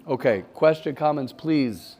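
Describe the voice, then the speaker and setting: Rabbi with a higher voice, repeating himself. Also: male voice, expressive, measured pace, a little mellow. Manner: conversational, repeats phrases, takes questions from the room. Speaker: rabbi giving a class. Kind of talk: informal Torah class.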